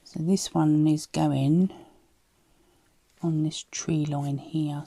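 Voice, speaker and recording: A woman's voice: low-pitched, little pitch movement, extremely slow, creaky, warm tone, dry recording. A woman with a light Cockney-tinged accent, chatting casually as she works on a craft project and often dropping into a whisper. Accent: light Cockney-tinged London. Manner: chatty, muttering to herself while working, often drops to a whisper. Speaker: craft vlogger.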